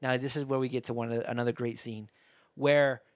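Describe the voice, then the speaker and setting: A man co-hosting a casual movie recap chat, animated and profane, often laughing. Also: mid-range voice, fairly quick, dry recording. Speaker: podcast co-host.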